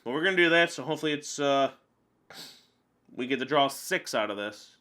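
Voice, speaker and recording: A man giving casual, animated commentary while playing an online card game, ranting and laughing as he goes. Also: medium pitch, brisk. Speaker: gameplay commentator.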